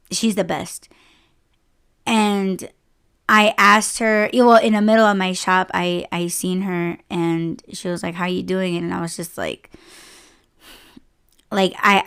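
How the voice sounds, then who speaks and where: Slow-talking emotional woman podcaster. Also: mid-range voice, smooth. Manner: emotional, close to tears, many fillers and restarts. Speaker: podcast host. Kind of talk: casual personal storytelling.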